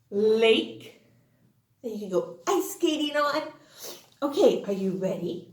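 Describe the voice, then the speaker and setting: Sing-song, slow-talking woman teacher. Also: sits high, echoey room. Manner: sing-song, exaggerated and animated, with excited gasps. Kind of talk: children's phonics lesson.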